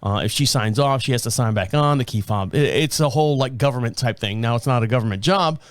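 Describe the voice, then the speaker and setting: A man's voice: mid-range voice, fast, dry recording. Rambling middle-aged man, dry close sound. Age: 50s. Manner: rambling, self-correcting storytelling. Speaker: podcast host. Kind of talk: casual solo talk.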